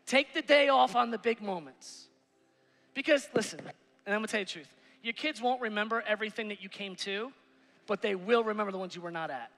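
A male pastor preaching a sermon, animated, swinging between shouts and hushed asides on a church stage. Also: high voice, vocal fry. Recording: reverberant church hall.

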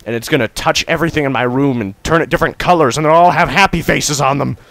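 A young man doing let's play commentary from his room, goofy and hyperactive, breaking into sudden shouts. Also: on the high side, quick pace, creaky, dry recording. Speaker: gamer host.

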